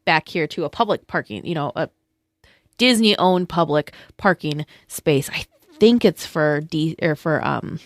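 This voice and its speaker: A woman's voice: deep voice, measured pace, no room sound. A woman co-hosting a podcast, reading news items and chatting casually, often hesitant and trailing off. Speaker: podcast co-host.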